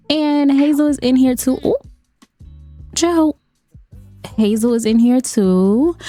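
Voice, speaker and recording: Chatty woman gamer with a lilt. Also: mid-range voice. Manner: expressive, gasping and fretting over the characters; chatty, addresses viewers as y'all. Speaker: gaming creator narrating her gameplay. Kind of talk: casual gameplay commentary.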